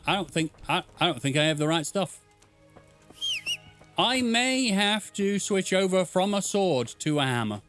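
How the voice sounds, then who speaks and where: Animated high-pitched male game streamer. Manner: animated, swearing, laughing at chaos. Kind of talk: casual gameplay commentary.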